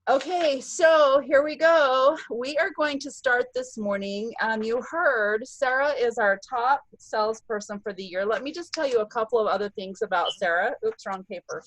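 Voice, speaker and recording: A woman's voice: on the high side, moderate pace, few pauses, no echo, rough recording. Bubbly woman hosting a video call. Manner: bubbly, cheers and whoops often. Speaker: sales team leader hosting a virtual meeting. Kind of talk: upbeat online meeting announcements.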